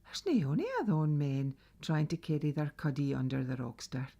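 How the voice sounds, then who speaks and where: A woman with a Northeast Scots accent voicing a simple-minded, cheerful young lad in a high, breathy voice. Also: animated, moderate pace, dark tone, dull audio, full character voice. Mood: pleased.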